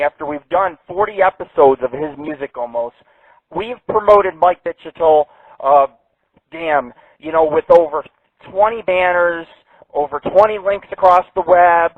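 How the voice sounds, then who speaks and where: Give me a fairly high-voiced man ranting and swearing as a radio host over a tinny, dry line. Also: lively intonation, moderate pace, dry recording. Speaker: internet radio show host. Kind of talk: profane call-in radio rant. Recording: tinny phone-like dry sound.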